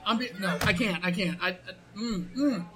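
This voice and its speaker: A man's voice: sits high, normal speed, bright, forceful tone. A man in a casual comedic debate, mocking his topic with sarcasm. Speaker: debate participant.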